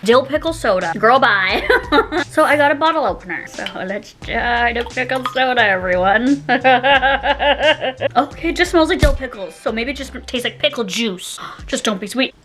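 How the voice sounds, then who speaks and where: A young woman chatting casually as she unboxes and taste-tests snacks, giggling often and gushing with excitement. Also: sits high, normal speed, music in the background. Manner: giggly, gushing, lots of exclamations. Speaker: YouTuber taste-testing snacks.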